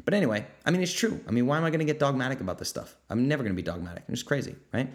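A man hosting a casual Q&A podcast from his kitchen, energetic and blunt, reading out viewer comments and swearing freely. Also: medium pitch, racing. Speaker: podcast host. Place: home kitchen.

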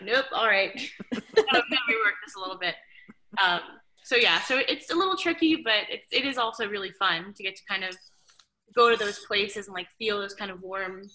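A woman's voice: mid-range voice, low-quality recording. A young adult woman, an author guest on a podcast, talking casually and animatedly with many "like"s and "um"s. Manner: chatty, animated, frequent "like" and "um".

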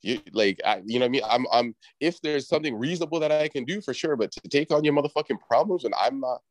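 A man's voice: medium pitch, expressive, quick pace, poor audio. A man in casual chat, giving rambling advice with heavy slang and swearing.

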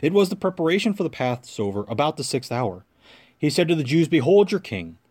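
A man reading scripture aloud as lector, in a measured, clear narrating voice. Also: a little high, very animated, darkish tone.

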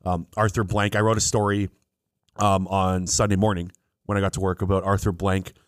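A man co-hosting a casual sports podcast, animated and quick to laugh, often talking over his co-host. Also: low-pitched, no room sound, clean studio sound.

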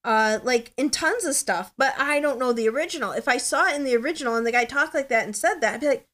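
A woman's voice: high voice, animated, quick pace, a bit bright. A woman hosting a podcast in casual chat, talking in a chatty, rambling way with many "like" fillers. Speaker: podcast host.

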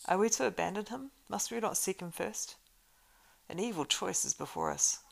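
A woman's voice: mid-range voice, animated, gravelly, voice pushed up. Woman reading as Aragorn, a grave weary ranger. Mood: troubled. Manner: solemn, measured old-fashioned speech.

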